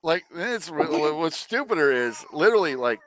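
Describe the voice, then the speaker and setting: A man's voice: fairly high pitch, big pitch swings, a little fast. A man co-hosting a casual review podcast, retelling scenes in an exasperated, profane way with lots of fillers. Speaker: podcast co-host.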